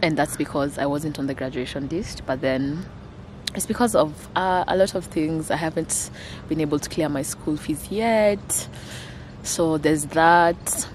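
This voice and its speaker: A woman's voice: deep voice, a little slow, noisy background. A Kenyan woman in her twenties, talking to camera in a casual vlog, emotional and gushing, repeating her phrases. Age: 20s. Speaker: vlogger.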